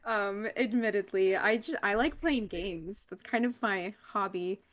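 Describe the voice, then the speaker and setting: A woman's voice: medium pitch, a little slow. A woman streamer being interviewed over a video call, giggly and hesitant, with lots of fillers. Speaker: guest streamer. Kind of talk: casual video-call chat.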